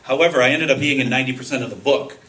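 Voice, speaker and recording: A man's voice: medium pitch, racing, fairly bright tone, slight background noise, low-quality recording. A man on a convention panel eagerly telling a personal story with self-deprecating humor, quoting the people in it. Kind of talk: casual storytelling to a panel audience.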